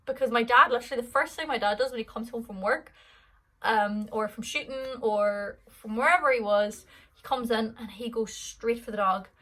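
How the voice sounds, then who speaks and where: A woman's voice: on the high side, normal speed, bright, forceful tone, rough recording. An Irish woman in her twenties answering fan questions in a casual vlog, rambling and chatty with lots of fillers. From Ireland.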